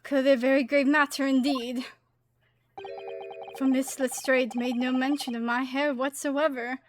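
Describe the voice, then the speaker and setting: A woman's voice: high-pitched, little pitch movement, a little slow, slight background noise, voice pushed down. A woman voicing a grown male eccentric British detective in a pompous, theatrical manner in a game read-through. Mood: grave.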